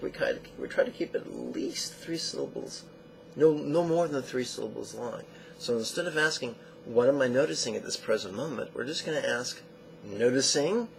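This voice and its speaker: A man teaching a meditation lesson in a slow, measured way, often repeating short phrases. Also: mid-range voice, gravelly, a little hiss or hum, rough recording.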